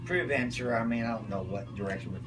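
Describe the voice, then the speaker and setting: An older man telling a rambling personal anecdote, acting out voices and breaking into shouts. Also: medium pitch, fast. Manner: animated, acts out voices and shouts in his stories. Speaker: storyteller. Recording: distant mic with loud music behind.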